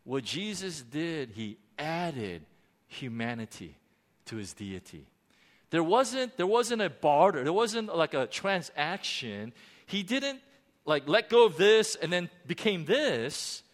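A man preaches with a lively, swooping delivery, his voice sitting a little higher than most men's. He leans on dramatic pauses and restarts as he drives his points home. A long hall reverb trails behind every phrase. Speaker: pastor. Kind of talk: sermon.

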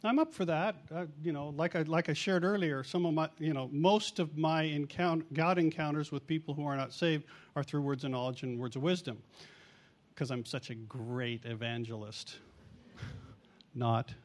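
A middle-aged man preaching through a story, with a slightly high voice. He talks casually, pokes fun at himself and acts out what others said. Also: fairly even intonation, moderate pace. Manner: chatty, self-mocking, acts out quotes. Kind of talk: storytelling sermon.

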